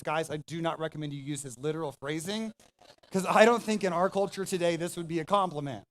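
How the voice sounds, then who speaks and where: A man's voice: fairly high pitch, a little fast. A man pastor preaching a sermon, speaking emphatically and conversationally, addressing the congregation directly.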